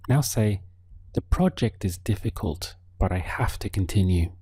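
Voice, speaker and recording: A man giving a spoken language lesson, calm and patient, modelling each word slowly so the listener can repeat it. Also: fairly low pitch, husky, no room sound. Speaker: language teacher. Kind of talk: slow, deliberate spoken lesson.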